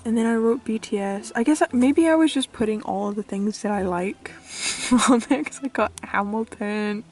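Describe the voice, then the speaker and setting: A woman's voice: on the high side, moderate pace. A young woman from the UK chatting casually as a vlogger, giggly and self-mocking, often trailing off into mutters. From United Kingdom. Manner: squeals with excitement at finds. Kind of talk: casual chat. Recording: faint music behind.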